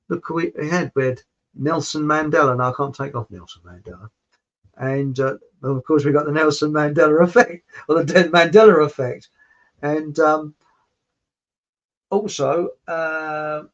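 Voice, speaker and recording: Reading out comments from his viewers, a livestream host chats in a meandering monologue, often repeating himself and wandering between subjects. He has a slightly high voice, and the recording's high frequencies are cut off.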